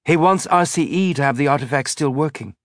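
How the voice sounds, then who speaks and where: A man's voice: a little high, brisk, dry recording, studio quality, voice pushed up, lightly acted. A man voicing a frightened, determined young woman who speaks urgently.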